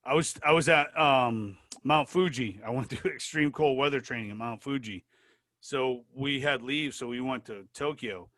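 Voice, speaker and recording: A man as an interview guest, telling animated, profane anecdotes in casual talk. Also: medium pitch, normal speed, no echo. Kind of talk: casual storytelling.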